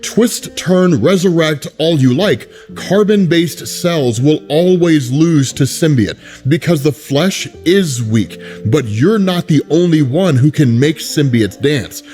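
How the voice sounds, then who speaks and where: A man reading the lines of a gloating, villainous male symbiote god in a slow, deliberate voice. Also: fairly high pitch, lively intonation, warm tone, faint music behind. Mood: menacing, gloating.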